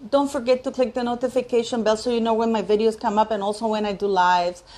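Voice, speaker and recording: Speaking fast in a steady, slightly mellow voice that sits on the high side, a woman in her fifties hosts her own commentary vlog. She's casual and strongly opinionated, and she often restarts sentences and searches out loud for words.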